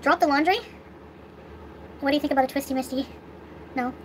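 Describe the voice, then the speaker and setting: A woman's voice: sits high, a little fast, slight background noise. A young woman vlogging, venting in an upset, swearing rant with sighs. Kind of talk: angry venting vlog.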